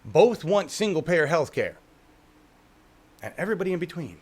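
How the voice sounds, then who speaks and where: A man's voice: on the high side, sing-song, normal speed. A man co-hosting a casual political talk show, profane and mocking, often acting out the people he talks about. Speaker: co-host.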